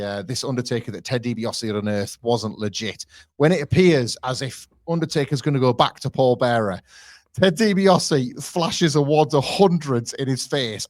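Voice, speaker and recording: A man's voice: medium pitch, no echo. A man co-hosting a podcast, recapping old events in a wry storytelling manner. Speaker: podcast co-host. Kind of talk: casual podcast chat.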